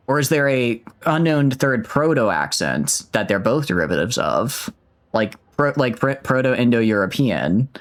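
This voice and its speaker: A man streaming a video game, chatting casually and rambling in a self-mocking way with many restarts. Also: medium pitch. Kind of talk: casual let's-play commentary.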